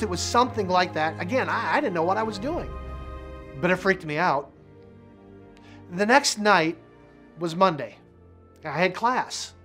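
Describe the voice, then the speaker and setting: A man's voice: sits high, a bit bright. A middle-aged man, a minister, sharing a personal testimony with vivid, emphatic repetition.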